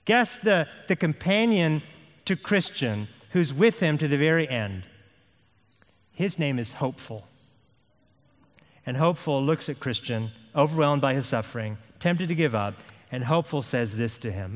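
Impassioned preacher in a reverberant hall. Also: male voice, medium pitch, lively intonation, unhurried. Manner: impassioned, rising and falling preaching delivery. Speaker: pastor. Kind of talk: sermon.

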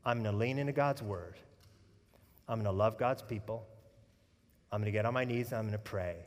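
A man preaching a sermon as pastor, telling the story with animated energy and folksy humorous asides, sometimes dropping to a hushed tone. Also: fairly low pitch, a little fast, long reverb tail.

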